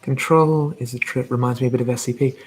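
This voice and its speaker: A man hosting a live whispered ASMR Q&A, talking softly and rambling as he reads out viewer comments. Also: medium pitch, steady tone, fast, slight background noise. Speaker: ASMR channel host.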